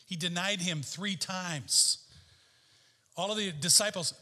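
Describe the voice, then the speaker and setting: A man preaching a sermon as pastor, emphatic and repeating key phrases, his pitch swinging up and down. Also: slow pace, pauses often, pushed and bright, big-room sound. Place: church sanctuary.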